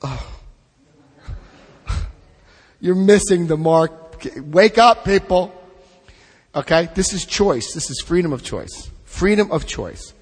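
A man's voice: on the high side, animated, measured pace, hardly any pauses, darkish tone, husky, long reverb tail. A man leading a twelve-step study group, reading passages aloud and adding blunt, joking asides. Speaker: recovery workshop leader.

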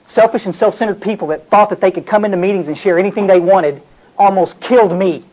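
A man from North Texas gives a confessional talk to a recovery meeting. His voice sits fairly high, and he keeps restarting sentences as he tells his story. The recording sounds muffled and lo-fi. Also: quick pace, darkish tone. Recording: dull, lo-fi recording.

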